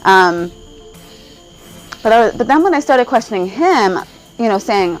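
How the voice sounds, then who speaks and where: Rambling woman with a lively voice. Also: medium pitch, measured pace, pauses often, faint music behind, poor audio. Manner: rambling, keeps asking "right?", laughs often. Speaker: spiritual vlogger. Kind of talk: casual rambling storytelling. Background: faint crickets.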